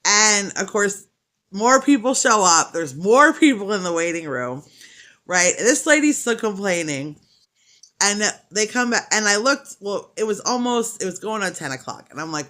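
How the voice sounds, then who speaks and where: Her voice is mid-range, expressive and a little bright, moving at a normal speed. Crocheting on camera, this middle-aged vlogger spins a lengthy, meandering tale, chatting casually and laughing a lot.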